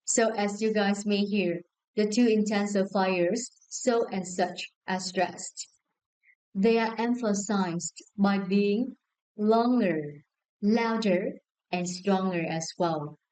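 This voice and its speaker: A woman with a Vietnamese accent teaching an English lesson, giving clear, encouraging instructions to a class. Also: medium pitch, takes it slowly, a little mellow, rough recording.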